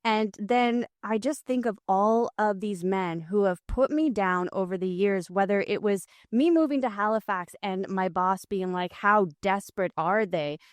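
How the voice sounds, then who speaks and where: A woman's voice: medium pitch, unhurried, hardly any pauses, darkish tone, clear, resonant tone, dry recording, studio quality. A woman with a French accent, a podcast co-host and former radio host, telling long candid stories in casual chat. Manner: candid storytelling, long rants.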